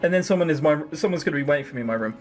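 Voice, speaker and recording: Man reading a weary young maid in a game, quiet musing, lively pitch. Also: racing, soft background music, close to an everyday voice. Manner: tired, musing to herself. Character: weary young servant girl, hopeful and curious.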